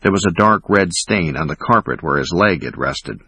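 A man reading a thriller audiobook in a measured, dramatic way. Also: low-pitched, animated, pushed and bright, slightly rough, dry recording. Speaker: audiobook narrator. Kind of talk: scripted narration.

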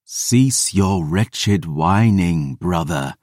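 A man voicing a cold, haughty vampire woman in an audiobook, speaking in a slow, disdainful, formal way. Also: low voice, a little mellow, no room sound, clean studio sound. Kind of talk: audiobook character reading.

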